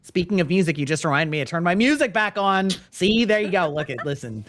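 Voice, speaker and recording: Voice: medium pitch, expressive, fast talker, fairly bright tone, faint music behind. A host running a group game call, introducing each player in an upbeat emcee style.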